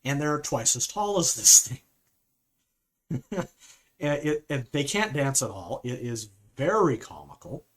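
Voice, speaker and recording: Man, casual film review, rambling, fillers, average pitch. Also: sing-song, slow pace, long pauses. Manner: rambling, with frequent fillers and "okay?" asides.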